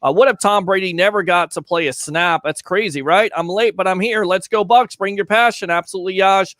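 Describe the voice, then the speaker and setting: A man's voice: sits high, brisk, a bit bright, dry recording. A man hosting a casual call-in sports talk show, chatting and reading out viewer comments.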